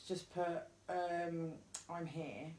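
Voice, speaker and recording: A woman co-hosting a live stream, briskly relaying bookings and viewer comments. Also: on the low side, fairly even intonation, darkish tone. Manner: brisk, practical, relaying messages. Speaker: co-host reading viewer comments. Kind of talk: casual live-stream chat. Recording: echoey room with faint noise.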